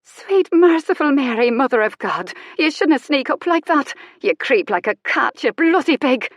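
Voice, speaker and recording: A woman's voice: high-pitched, expressive, normal speed, dry recording, clean studio sound, pitched above the performer's own voice. A woman voicing a flustered former courtesan, now a countess, blurting oaths in an Irish accent. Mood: startled.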